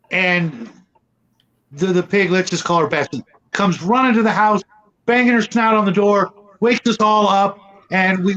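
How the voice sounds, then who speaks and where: A man telling a long joke in casual chat, halting and often repeating words. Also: high voice, fairly bright tone. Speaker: host. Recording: muffled lo-fi audio.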